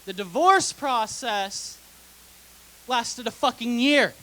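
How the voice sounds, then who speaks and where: A woman's voice: fairly high pitch, expressive, slow, pushed and bright, rough recording. A young woman doing a stand-up comedy set on a theater stage, delivering sarcastic, dry punchlines into a stage mic. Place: theater stage before a live audience.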